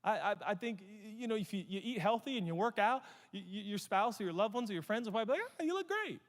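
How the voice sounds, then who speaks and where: A male pastor with a high, bright-toned voice, preaching in a large church hall with a long, ringing reverb. He swings from loud, emphatic proclamations to low, chatty asides, and throws in humor for his congregation. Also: fast. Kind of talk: sermon.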